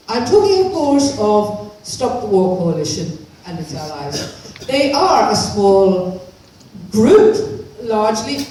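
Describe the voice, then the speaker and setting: A woman from Northern Ireland giving a public speech as an activist, measured and earnest, hedging often as she talks. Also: fairly high pitch, warm tone, a little hiss or hum. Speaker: activist speaker. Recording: echoey hall from far off.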